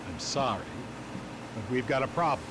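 A man's voice: mid-range voice, lively intonation, moderate pace, close to an everyday voice. An actor playing a brusque middle-aged male government agent in a video game cutscene, giving a clipped, businesslike briefing. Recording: distant voice in noisy game audio.

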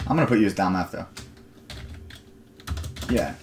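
A man's voice: sits low, expressive, moderate pace, a little hiss or hum. Young man, card break host, chatty and rambling, live stream talk. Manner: rambling, chatty storytelling between picks.

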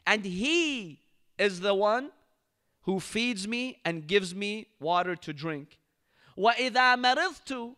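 Animated, bright-voiced male preacher. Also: high voice. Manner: expressive storyteller reciting Arabic verses. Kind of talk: Ramadan lecture. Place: mosque.

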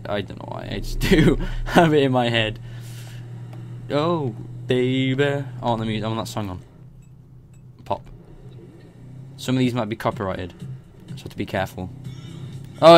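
A young man casually commenting on his own gameplay, rambling and excitable, swearing and laughing as he goes. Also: on the low side, brisk, faint music behind.

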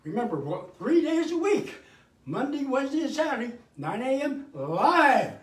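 An older man leads a live workout in a high, bouncing voice, counting reps and urging everyone on with upbeat cheer. He sounds set back from the mic in a roomy indoor space. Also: moderate pace, recorded from a distance. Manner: energetic, cheering coaching with counted cues. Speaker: fitness show host.

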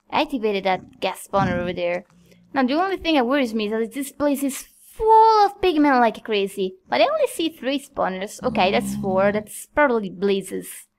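Jumpy young woman narrating gameplay. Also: fairly high pitch. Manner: jumpy, nervous, yelps and laughs at scares. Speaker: Minecraft let's-play host. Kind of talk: gameplay commentary.

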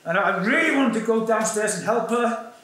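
A man's voice: sits high, animated, normal speed, sharp tone. A man with an Icelandic accent, a native Icelandic speaker, tells a personal story on a theatre stage in an earnest, confessional way. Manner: earnest, confessional, breaks into brief laughs. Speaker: community theatre performer. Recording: echoey theatre from far off.

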